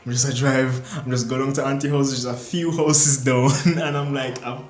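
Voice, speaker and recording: A man's voice: medium pitch, fairly even intonation, normal speed. A young man telling a storytime vlog, animatedly acting out his own panicked reactions. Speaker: storyteller vlogger. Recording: echoey room with faint music.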